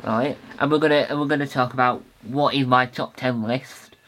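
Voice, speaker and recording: A young male podcast host talking on his own in an easy, unscripted way. He rambles eagerly, stumbling over restarts and filler words, with a voice of ordinary middle pitch. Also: steady tone, normal speed, a bit bright. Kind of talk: casual solo podcast talk.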